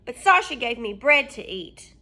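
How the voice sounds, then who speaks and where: A woman's voice: on the high side, very animated, moderate pace, sharp tone, full character voice. A woman voicing a skinny, grateful guard dog in a storybook read-aloud, matter-of-fact.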